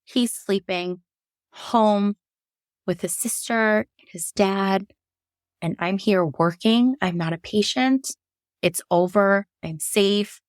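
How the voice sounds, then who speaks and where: A woman's voice: medium pitch, takes it slowly, dry recording, clean studio sound. A woman, a labor and delivery nurse, tells her own story frankly and emotionally, with many restarts. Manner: slips into animated voices when quoting herself. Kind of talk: candid personal storytelling.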